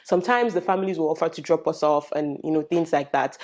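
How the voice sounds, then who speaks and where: A young Nigerian-accented woman talks straight to her viewers in a relaxed vlog. She tells her stories with animation, slipping into Pidgin and acting out what people said. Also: on the low side, fast talker. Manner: animated storytelling with lively quoted voices and Pidgin asides. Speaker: vlogger. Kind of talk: casual vlog chat.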